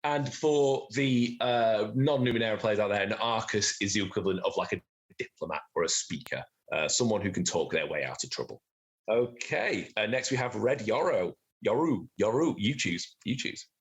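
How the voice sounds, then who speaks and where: Relaxed lowish-voiced man explaining game rules. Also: moderate pace. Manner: relaxed, explanatory, chuckles at own jokes. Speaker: game master.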